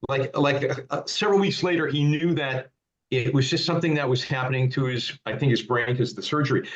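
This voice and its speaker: A man's voice: medium pitch, fairly quick, echoey room. A man telling a story as a podcast guest, stammering and repeating words. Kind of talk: casual storytelling. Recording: dull lo-fi recording.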